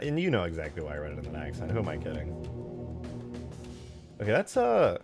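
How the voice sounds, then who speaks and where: A man streaming as he builds a game mod, chatting casually while he works. He mutters quietly as he models, then bursts out loudly to thank viewers. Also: low voice, huge pitch swings, brisk, long pauses, soft background music.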